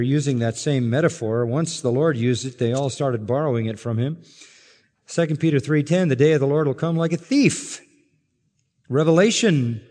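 A man's voice: mid-range voice, darkish tone, big-room sound. A male pastor preaching an expository sermon, reading scripture aloud and building to emphatic peaks on key lines.

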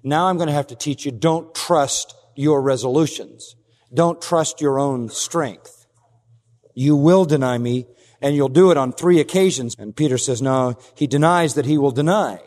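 A man's voice: mid-range voice, moderate pace, a little mellow. Emphatic man preaching in a reverberant hall. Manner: emphatic, acts out quoted lines in a raised voice. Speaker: pastor. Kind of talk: expository sermon.

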